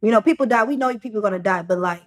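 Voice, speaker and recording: A young adult woman, a podcast guest, talking in a casual storytelling way, full of fillers and restarts. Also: medium pitch. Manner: halting, many fillers and restarts.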